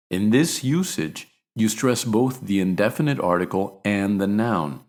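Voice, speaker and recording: American male pronunciation teacher, very low voice, clear measured delivery, repeats examples slowly. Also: animated, a little mellow. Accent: American English. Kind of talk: scripted pronunciation lesson.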